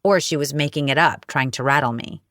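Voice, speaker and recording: A woman narrating a romance audiobook in the first person, with wry, expressive storytelling. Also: a bass voice, brisk, dry recording, studio quality.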